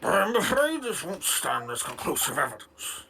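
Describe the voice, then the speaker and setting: A man's voice: a little high, wildly swooping pitch, moderate pace, gravelly, background noise, full character voice. A man voicing a stern judge who scolds counsel in a formal, reproving way, reading game dialogue aloud with friends. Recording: game music playing.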